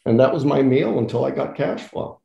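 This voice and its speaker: An older man, an interview guest, telling a long story in a casual, animated way and acting out what others said. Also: mid-range voice, fairly quick, vocal fry, reverberant, highs cut off. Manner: animated storyteller acting out quoted voices, laughs often.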